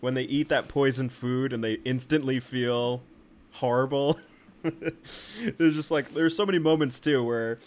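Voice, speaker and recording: A man with a mid-range voice speaks a little slowly as he co-hosts a film podcast. He chats casually, laughs often, and rambles loosely with lots of "like."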